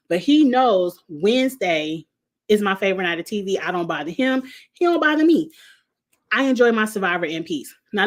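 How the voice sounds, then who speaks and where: A middle-aged woman recapping a reality show in casual chat, blunt and sassy, laughing at her own jokes. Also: mid-range voice.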